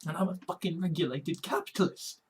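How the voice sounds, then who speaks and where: A man from Britain, talking earnestly in a halting personal monologue, repeating words and swearing often. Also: high-pitched, wildly swooping pitch, a little hiss or hum, rough recording. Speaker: vlogger. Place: home.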